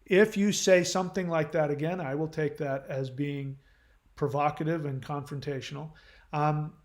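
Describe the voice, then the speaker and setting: A man's voice: fairly high pitch, steady tone, normal speed. Blunt lecturing man, echoey room. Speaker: YouTube channel host answering viewer comments. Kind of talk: live-stream commentary reading viewer comments.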